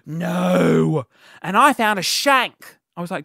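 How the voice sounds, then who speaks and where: A man hosting a show from a studio, telling comedic stories in a rambling, animated way with lots of fillers. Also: high-pitched, moderate pace, creaky, no room sound. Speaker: podcast host. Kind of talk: comedic monologue.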